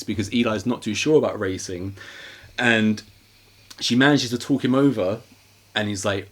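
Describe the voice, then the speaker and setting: Erkek podcast sunucusu, film özetliyor. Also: male voice, on the low side, brisk. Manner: rambling, animated retelling with acted quotes. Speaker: podcast co-host. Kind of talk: casual movie recap chat.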